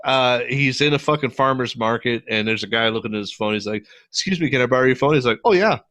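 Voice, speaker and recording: Profane, animated male podcast co-host. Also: mid-range voice, fast. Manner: profane, animated retelling of scenes. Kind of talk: casual movie review chat.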